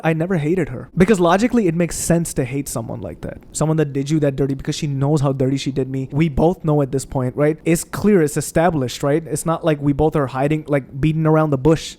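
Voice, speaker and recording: Expressive, profane young man ranting. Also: fairly high pitch. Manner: expressive, profane, animated rants. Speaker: gaming streamer. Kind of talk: casual storytelling over gameplay. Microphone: condenser mic on desk.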